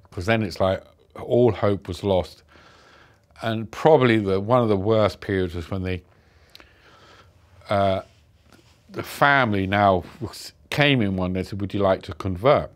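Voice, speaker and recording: Speaking as a guest in an interview, the middle-aged British man tells his personal story haltingly. His voice is lowish, his pace slow, and he keeps pausing to reflect and begin his sentences again.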